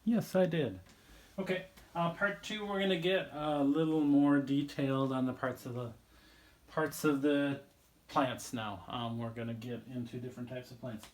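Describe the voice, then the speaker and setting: A man's voice: mid-range voice, steady tone, normal speed. A man teaching a recorded biology lesson, explaining casually and rambling a little as he draws and talks through the page. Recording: echoey room.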